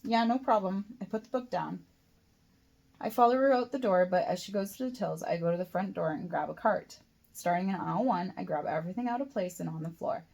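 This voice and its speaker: A woman's voice: lowish voice, brisk, gravelly, a little mellow, slightly rough. A woman reading her own novel aloud as a first-person audiobook, in a plain reading voice that slips and restarts now and then.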